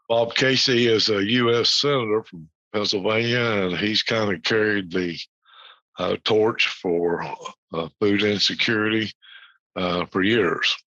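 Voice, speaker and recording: A man hosts an educational podcast in an unhurried, rambling way, full of "uh"s and restarts. His voice is bright and forward, set a little low. The recording is dry and dull, like a lo-fi home setup. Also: no room sound. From United States. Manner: rambling, frequent fillers, reads quotes aloud. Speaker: podcast host. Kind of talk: informal educational talk.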